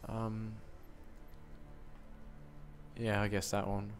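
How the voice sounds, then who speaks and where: A man's voice: on the low side, completely flat delivery, very slow, faint music behind. A young man with a put-on American accent, rambling through live game commentary with self-mocking asides. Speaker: gaming commentator.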